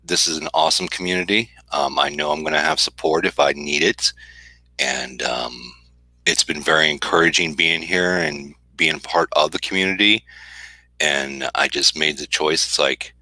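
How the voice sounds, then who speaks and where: Very deep gravelly man, soft-spoken guest. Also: expressive, moderate pace, no echo, poor audio. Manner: soft-spoken, hesitant, lots of fillers. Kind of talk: casual chat.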